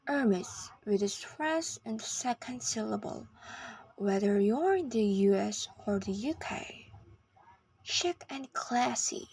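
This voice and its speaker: A woman giving a scripted pronunciation lesson, speaking slowly and carefully, often half-whispered. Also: a little high, a little mellow, slightly rough, no echo. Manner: slow, careful enunciation with long pauses. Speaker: pronunciation teacher.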